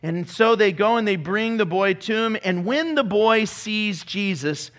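Animated high-voiced male pastor preaching. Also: measured pace. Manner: animated, acts out voices, mocking impressions. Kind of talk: sermon.

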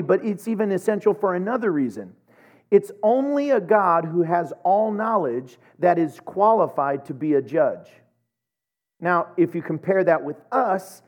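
A middle-aged man preaching a sermon, an animated storyteller who laughs often and acts out voices. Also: high-pitched, moderate pace. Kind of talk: sermon with humorous anecdotes.

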